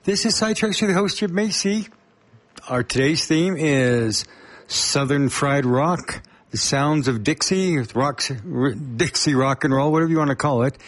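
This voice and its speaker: Middle-aged guy from colorado doing radio between songs, rambly, lots of ums, kinda high voice. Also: a little slow. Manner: rambling, chatty, many fillers and asides to listeners. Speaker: radio host. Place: small community radio studio.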